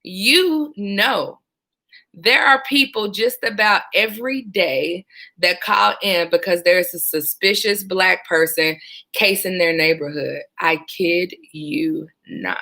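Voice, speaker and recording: A former 911 dispatcher telling stories from the job in a casual, animated way, often breaking into laughter. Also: female voice, fairly low pitch, slow pace, gravelly. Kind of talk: casual storytelling vlog.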